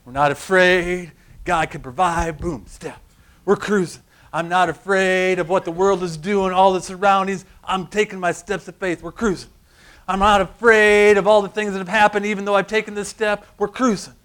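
A middle-aged male pastor preaching a sermon, telling stories with lively acted-out voices and loud, emphatic peaks. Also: high-pitched, moderate pace. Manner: animated storytelling, acting out voices, rising to loud emphasis.

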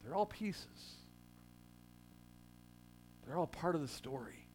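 A man's voice: on the high side, expressive, takes it slowly, a little mellow, a little hiss or hum. A man preaching a sermon in a conversational way, joking with his congregation and rising to emphatic quotes. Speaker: pastor.

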